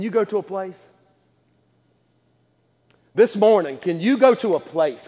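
A pastor preaching a sermon in a church, with impassioned delivery that swells into shouts. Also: male voice, high-pitched, lively intonation, unhurried, pauses often, big-room sound. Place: church sanctuary.

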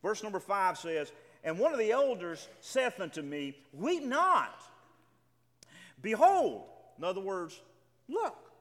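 A man's voice: high voice, animated, normal speed. A man preaching a sermon, emphatic and full of stammering restarts, reading scripture aloud with drama. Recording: reverberant hall.

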